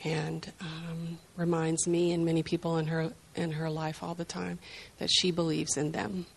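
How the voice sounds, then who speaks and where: An older grandmother telling a heartfelt personal story in an unhurried, reflective way. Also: low voice, flat delivery, vocal fry, husky. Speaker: group sharer.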